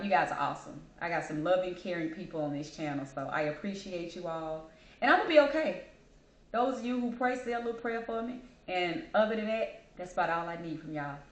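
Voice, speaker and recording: A woman's voice: lowish voice, a little fast, roomy sound. A woman hosting her own vlog, talking candidly to camera while grieving and holding back tears, calling her viewers y'all. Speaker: channel host.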